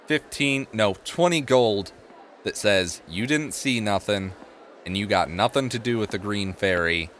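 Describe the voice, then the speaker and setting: A man voicing a tough, pragmatic female barkeep who talks in a gruff, streetwise way. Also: lowish voice, a bit bright, a little hiss or hum.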